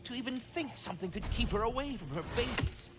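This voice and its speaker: A man's voice: extremely high pitch, expressive, fast. An actor playing an anxious, formal male tenant in a video game. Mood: worried. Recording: noisy game audio.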